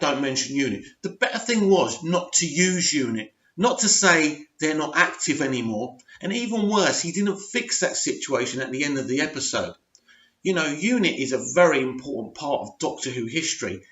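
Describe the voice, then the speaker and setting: A man's voice: mid-range voice, fairly bright tone. A man giving an unscripted, frustrated rant as a TV review vlogger, full of emphatic rhetorical questions. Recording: roomy, dull lo-fi sound.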